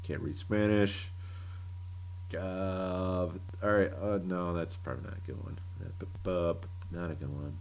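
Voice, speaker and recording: A man's voice: low voice, normal speed, clean tone. A man co-hosting a casual podcast, reading out tweets with laughter and crude jokes. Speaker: podcast co-host.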